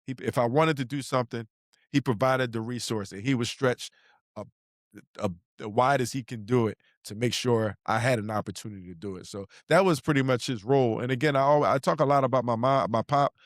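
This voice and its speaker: A man's voice: mid-range voice, brisk, no room sound, studio quality. A middle-aged man, telling slangy stories in a casual podcast chat as co-host. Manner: laid-back storyteller, slangy, acts out quotes.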